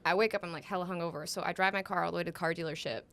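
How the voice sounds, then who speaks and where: A young adult woman, a stand-up comedian, telling stories on a podcast in an animated, laughing, freely swearing way in a studio. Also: fairly low pitch, rapid-fire, creaky. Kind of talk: casual podcast storytelling.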